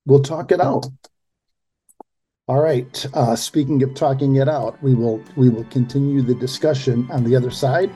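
A man's voice: mid-range voice, normal speed, mellow, breathy edge, faint music behind. A man hosting a political talk radio show, talking emphatically and often restarting his phrases.

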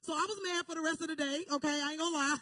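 A young woman telling a personal testimony as a sermon, talking straight to her listeners and building to loud, fervent preaching. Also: high-pitched, racing, no echo, studio quality. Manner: animated, repeats "okay?" and "y'all" to the listeners.

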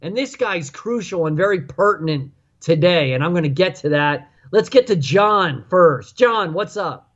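A man's voice: sits high, animated, measured pace, fairly bright tone. A male radio talk show host speaking in an emphatic, preachy way and repeating himself to take calls. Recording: muffled lo-fi radio audio.

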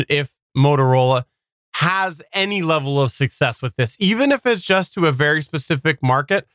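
A man co-hosting a tech podcast, giving measured, wry analysis with a few hesitations. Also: fairly high pitch, a bit bright, no echo, clean studio sound. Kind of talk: casual podcast chat.

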